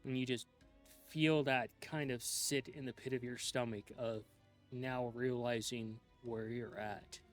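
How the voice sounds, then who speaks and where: A man slowly narrating a dark scene as game master of a tabletop role-playing game, in a hushed, drawn-out storytelling manner. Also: mid-range voice, fairly even intonation, faint music behind.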